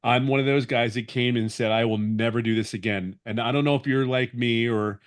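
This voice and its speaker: A man's voice: mid-range voice, fairly even intonation, a little fast. A man in his fifties, a webinar guest giving a personal testimonial in an earnest, rambling way with many restarts. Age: 50s.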